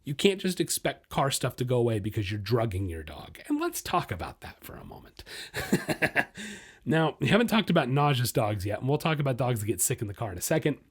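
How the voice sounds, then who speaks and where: A man's voice: medium pitch, breathy edge. A man hosting a dog podcast, giving casual, blunt training advice and talking straight to his listeners. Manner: blunt, animated, talks straight to listeners as "guys"; acts out a dog's inner voice in quick asides.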